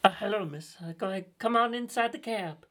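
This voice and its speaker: A podcast host voicing a gentle, soulful male cab driver who talks slowly and slips into song. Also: medium pitch, a little hiss or hum, lightly acted. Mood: crooning. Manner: slow, breaks into song.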